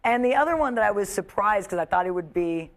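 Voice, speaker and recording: A woman comedian sits in as a guest and chats about her work, her voice sitting at an ordinary middle pitch. She tells stories in a lively, loose way and drops into little acted-out voices along the way. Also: fast. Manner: animated storyteller, acts out quoted voices. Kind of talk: casual chat. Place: studio of an internet talk show.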